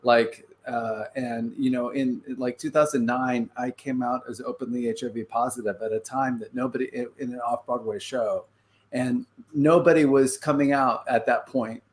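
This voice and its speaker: A man's voice: medium pitch, fairly even intonation, moderate pace. A man with a New York accent, a guest on a video-call podcast, earnest and emotional as he talks. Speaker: guest, actor. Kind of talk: casual chat.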